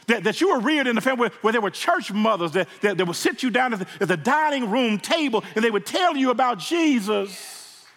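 A man's voice: extremely high pitch, lively intonation, brisk, fairly bright tone. A man preaching a sermon in a church, emotional and repeating words as he builds. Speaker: pastor. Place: church sanctuary. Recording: reverberant church hall.

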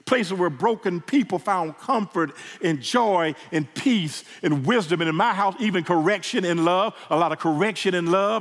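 A man's voice: sits high, normal speed, few pauses. A man preaching a sermon in a church, emotional and repeating words as he builds. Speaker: pastor. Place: church sanctuary. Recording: reverberant church hall.

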